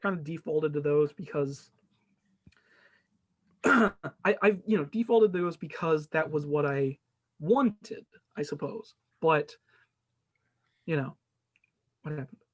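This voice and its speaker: A man's voice: fairly high pitch, slow, long pauses. A young man hosting a casual podcast, rambling with many restarts and fillers. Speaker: podcast host. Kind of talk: casual chat.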